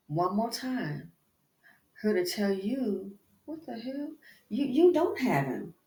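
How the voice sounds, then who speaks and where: A woman's voice: a little high, takes it slowly. A woman hosting a commentary channel, talking in an emphatic, chatty way and calling the listener "girl" and "baby". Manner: animated and emphatic, addresses viewer as "girl" and "baby". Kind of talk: casual commentary. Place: indoors, exercising while recording. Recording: echoey room.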